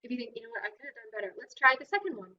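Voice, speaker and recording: A woman's voice: on the high side, big pitch swings, rapid-fire, pushed and bright, muffled recording. A Canadian woman speech-language pathologist leading a guided voice exercise class in an encouraging way. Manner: encouraging, demonstrates vocal drills.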